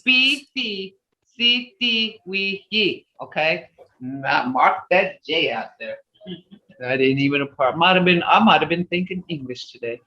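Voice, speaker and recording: A teacher speaks slowly and patiently, walking a class through a lesson step by step over a video call. The voice sits back from the mic in a roomy, echoing space, and the call audio sounds dull and muffled. Small slips get corrected out loud in passing. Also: medium pitch, distant mic. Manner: slow, patient, explaining step by step; self-correcting, with asides. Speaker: language teacher.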